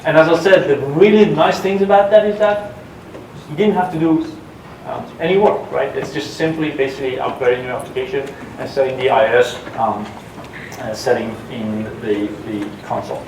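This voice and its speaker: A man's voice: medium pitch, moderate pace, noisy background. A man giving a technical talk at a developer conference, engaging the audience with questions and plenty of fillers and restarts. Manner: engaging, asks audience for shows of hands, many fillers and restarts. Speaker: conference presenter. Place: large conference hall. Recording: roomy hall sound, mic at a distance.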